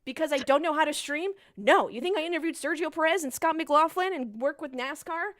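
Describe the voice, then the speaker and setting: A woman in her thirties hosting a motorsport podcast and live stream, ranting in a casual, profane, animated way. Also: sits high, brisk. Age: 30s.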